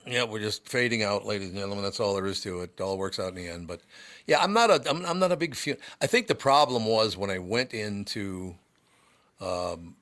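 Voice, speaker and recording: An older man hosting a show, telling stories in a rambling, gruff way with many restarts. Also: fairly low pitch, lively intonation, fairly quick, fairly bright tone. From United States. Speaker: radio host. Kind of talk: casual chat.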